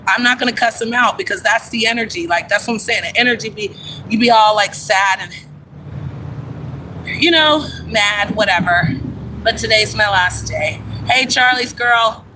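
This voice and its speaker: A woman with a bright, forceful voice chats casually to her livestream audience through a phone mic. She talks in a loose, animated way and greets viewers as they come in. Her pitch sits in the middle for a woman, and faint ambient noise is heard behind her. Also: moderate pace, rough recording. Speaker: livestream host.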